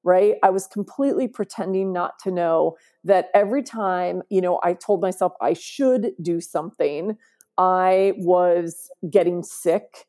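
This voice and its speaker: Woman guest on an interview podcast, warm and mellow tone, earnest and emphatic. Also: on the low side, measured pace. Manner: earnest, emphatic, often asks "right?". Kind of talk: conversational interview.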